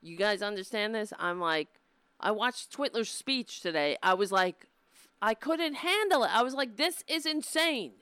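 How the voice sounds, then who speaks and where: On her live political stream, a woman curses a lot, mocks freely, and sounds exasperated and animated. Her voice is mid-range with a clean tone at a normal speed, recorded dry.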